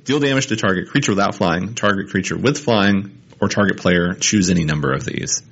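A man's voice: low voice, brisk, fairly bright tone, slightly rough, lo-fi sound. A man co-hosting a podcast, chatting casually and explaining things with enthusiasm. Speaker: podcast co-host. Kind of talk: casual chat.

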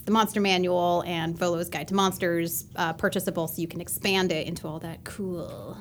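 Here is a bubbly woman guesting on a livestream, chatting casually about tabletop games. She laughs often and her pitch springs up when she gets excited, with a faint hiss of noise under her voice. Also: moderate pace.

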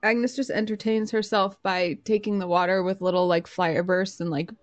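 A woman at a tabletop game describes her character's actions casually, with "like" in nearly every phrase. Her pitch sits in the middle range. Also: little pitch movement, moderate pace, highs cut off. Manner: casual, says "like" a lot. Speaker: player.

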